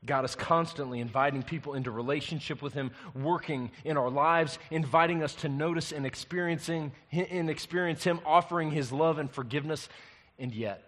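Brief: male pastor, lively sermon delivery, slightly higher voice, long hall reverb. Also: fairly quick, few pauses. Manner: animated storyteller, swings from loud to hushed.

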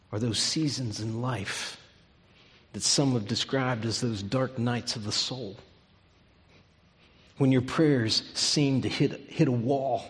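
A pastor preaching a sermon, his delivery swinging from loud emphatic peaks down to hushed, near-whispered lines. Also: medium pitch, in a large hall.

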